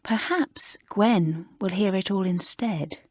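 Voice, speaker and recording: A woman voicing Sally, a teenage schoolgirl in an audiobook, confiding in a hushed half-whisper. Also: mid-range voice, animated, moderate pace, slightly rough, no room sound.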